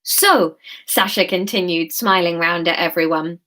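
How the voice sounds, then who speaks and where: A woman's voice: mid-range voice, expressive, moderate pace, a bit bright. Chatty, self-mocking woman. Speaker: author reading her novel to viewers. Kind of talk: casual livestream chat and book reading.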